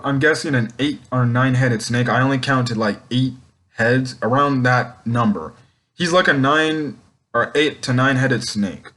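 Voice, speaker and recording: A man's voice: medium pitch, a bit bright. A young man casually recapping and reviewing an anime episode, rambling, with many ums and restarts.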